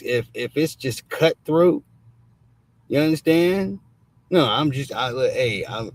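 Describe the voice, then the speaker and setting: A husky man talks loosely on a stream, blunt and streetwise, peppering everything with "all right." His voice has a breathy edge at an ordinary middle pitch. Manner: loose, repetitive, keeps saying "all right"; blunt, streetwise slang, swearing. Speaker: show host. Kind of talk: casual commentary on a livestream. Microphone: streaming mic.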